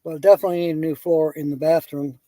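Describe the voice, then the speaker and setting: A man's voice: a little high, fairly even intonation, quick pace, warm tone, dry recording. A man hosting a live stream, rambling through casual chat and telling jokes while chuckling at them.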